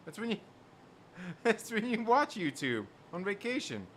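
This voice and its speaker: Casual male streamer reading chat; higher-than-average voice, repeats lines, quick to laugh. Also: big pitch swings, fairly bright tone, a little hiss or hum. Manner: rambling, repeats himself, laughs often. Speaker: host reading live chat.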